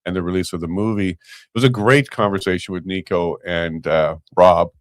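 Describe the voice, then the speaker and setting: A man with a very deep voice, chatting loosely as a co-host and chuckling often. The sound is close and dry, with no room around it. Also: normal speed, no room sound. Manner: relaxed, chuckling, rambling. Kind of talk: casual chat.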